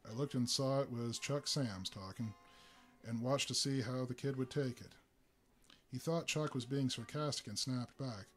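Male story reader, mid-pitched, relaxed, faint guitar in the back. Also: moderate pace. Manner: relaxed reading with small slips. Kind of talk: live reading of a story.

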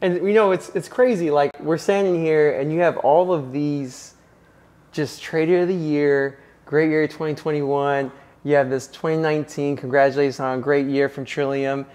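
A man's voice: a little high, steady tone, normal speed, a little mellow. A man hosting an interview indoors, asking eager, hyped-up questions that ramble with fillers. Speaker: interview host. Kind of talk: conversational interview. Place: penthouse apartment, indoors.

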